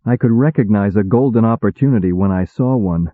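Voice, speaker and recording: A man reading first-person audiobook narration in a measured, wry manner. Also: on the low side, dry recording. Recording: tinny phone-like dry sound.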